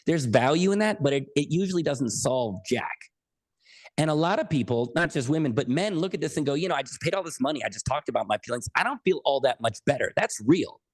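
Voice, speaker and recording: An earnest middle-aged man speaks as a podcast guest, driving his points home by repeating key words. His voice sits at an ordinary middle pitch. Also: a little mellow. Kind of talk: conversational interview.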